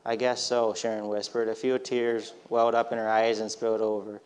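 Male storyteller, low even voice, smooth tone, gentle steady reading. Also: a little fast.

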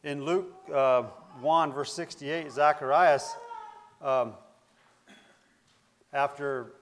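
A man's voice: a little high, steady tone, extremely slow, a little hiss or hum. A man preaching a Bible lesson in a conversational, searching way, reading verses aloud and working through his thoughts. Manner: conversational, searching, with fillers and restarts. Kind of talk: Bible teaching sermon.

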